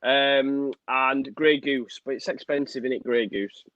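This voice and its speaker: A man's voice: mid-range voice, fairly even intonation, unhurried, a bit bright, muffled recording. A young man co-hosting a football fan show in easygoing, matey chat, laughing often. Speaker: co-host of a football fan channel. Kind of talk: casual chat.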